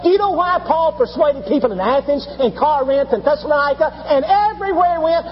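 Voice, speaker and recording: A man preaching a sermon from the pulpit, pleading and urgent, his voice rising to high peaks. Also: expressive, fairly quick. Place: church sanctuary. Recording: lo-fi reverberant hall with hum.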